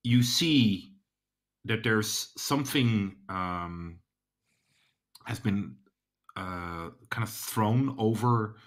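Deep, slow male game master, halting narration full of fillers. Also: fairly bright tone. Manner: slow, hesitant, many fillers.

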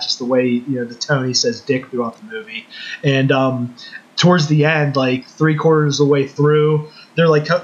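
A man co-hosting a podcast, chatting casually in a rambling, laid-back way with lots of fillers. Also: mid-range voice. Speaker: podcast co-host. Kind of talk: casual chat. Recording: muffled lo-fi recording.

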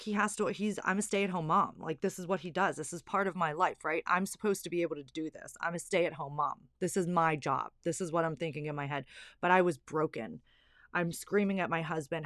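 A woman's voice: lowish voice, steady tone, moderate pace, a bit bright, no echo, clean studio sound. A young woman, a stay-at-home mom, candidly telling a personal story with lots of fillers. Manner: candid, emotional, filler-heavy.

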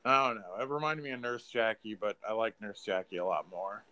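A man co-hosting a podcast, chatting casually about a film, swearing freely and acting out lines in a high mocking voice. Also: expressive, brisk, bright, forceful tone. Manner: loose, profane, acts out lines in a high mocking voice. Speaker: podcast co-host. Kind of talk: casual movie review chat.

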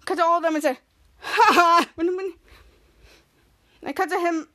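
A woman hosting a podcast, recapping a sitcom scene by scene in a casual, halting way with many restarts. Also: very high voice, steady tone, fairly bright tone. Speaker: podcast host.

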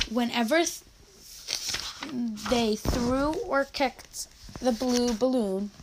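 A woman reading a children's story aloud in an expressive read-aloud manner, with small slips now and then. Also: on the high side, background noise.

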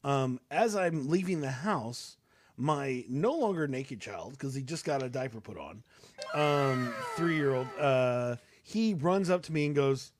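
A man's voice: mid-range voice, animated, a little slow. Rambling young man telling a story. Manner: rambling, many fillers and restarts. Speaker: co-host. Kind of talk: casual storytelling.

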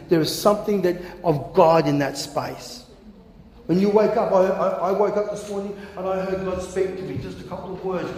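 A pastor preaching a sermon in a lively, conversational way, often repeating words as he goes. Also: high-pitched, slight background noise. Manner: animated, conversational, repeats words and acts out quotes. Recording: echoey hall with long reverb.

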